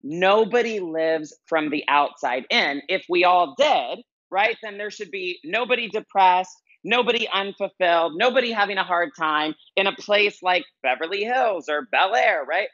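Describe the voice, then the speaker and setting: A man's voice: high-pitched, animated, normal speed, hardly any pauses, pushed and bright, dry recording, lo-fi sound. A man speaking as a life coach guest on a podcast, telling stories in an earnest, emphatic way and repeating his key phrases. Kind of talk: conversational interview storytelling.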